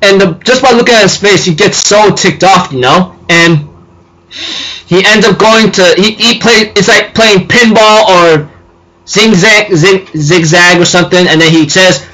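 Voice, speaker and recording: High, bright-voiced man rambling a recap. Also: a little slow, rough recording. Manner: rambling, full of "you know" and "and so forth"; giggly, laughs while talking. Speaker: anime reviewer. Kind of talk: casual episode recap.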